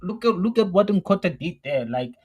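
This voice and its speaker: A young South African man hosts a live football watch-along, reacting as the match unfolds. He talks excitably, repeats his exclamations and keeps circling back to the same phrases. His voice sits a little high for a man. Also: normal speed, breathy edge, rough recording. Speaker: football show host.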